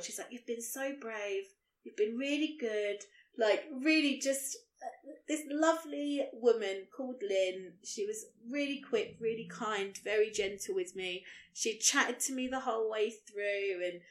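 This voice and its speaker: A woman's voice: on the high side, reverberant. A woman in her thirties, a podcast co-host telling a story in casual chat, acting out the people in it with laughter. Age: 30s.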